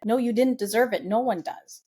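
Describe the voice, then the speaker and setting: A woman's voice: on the high side, moderate pace, breathy edge. A middle-aged woman, a podcast guest, telling a personal story in a conversational way, acting out the voices she quotes and laughing now and then. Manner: animated, acts out quoted voices.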